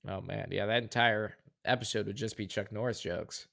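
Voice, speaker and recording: A man's voice: lowish voice, fairly even intonation, moderate pace, gravelly. A man hosting a casual pop culture quiz on a podcast, upbeat and encouraging. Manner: upbeat, encouraging, reads quotes in a loud acted voice. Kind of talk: casual chat.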